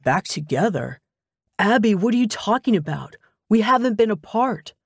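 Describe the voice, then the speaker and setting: A woman's voice: medium pitch, very animated, normal speed, creaky, husky, dry recording, studio quality, voice pushed up, full character voice. A woman doing a smug, sing-song young man.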